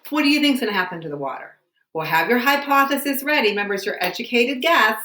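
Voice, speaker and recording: Woman teacher, bright tone, patient and encouraging, recorded in a roomy home space. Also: a little high, expressive, fast talker. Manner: patient, encouraging classroom questioning. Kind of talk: home science lesson to students. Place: home room.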